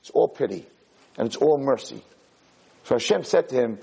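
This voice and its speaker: A man's voice: mid-range voice, animated, moderate pace, vocal fry, dark tone, breathy edge, poor audio. A man teaching a sermon on the weekly Torah portion, telling the story animatedly and mixing in Hebrew terms. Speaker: rabbi lecturer.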